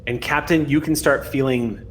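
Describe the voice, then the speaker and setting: A man narrating a tabletop role-playing game as game master, in a measured, dramatic way. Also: mid-range voice, fairly even intonation, a little hiss or hum.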